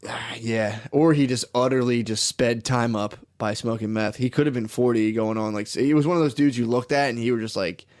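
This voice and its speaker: A man's voice: medium pitch, fairly even intonation, fairly quick, few pauses, a little mellow. A man on a podcast telling a rambling, profane story in casual chat, laughing often. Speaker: podcast co-host.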